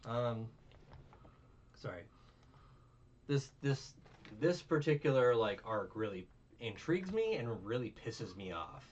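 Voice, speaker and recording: A man with a fairly low voice recaps an anime arc in loose, profane chat, getting louder when he gets worked up. He sits a bit back from a dull, lo-fi mic. Faint room noise hums underneath. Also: unhurried, distant mic. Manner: rambling, profane, animated with put-on character voices. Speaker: anime reviewer host.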